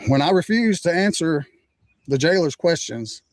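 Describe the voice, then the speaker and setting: An older man recounting what happened to him in a plain, measured way. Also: on the high side, animated, no echo. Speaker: interviewee. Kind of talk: recounting a story.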